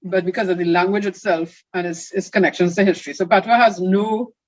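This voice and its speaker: Animated interviewee; muffled, lo-fi audio. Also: mid-range voice, fairly quick, no room sound. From Trinidad and Tobago. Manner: animated, mimics others in quoted asides. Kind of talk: interview talk.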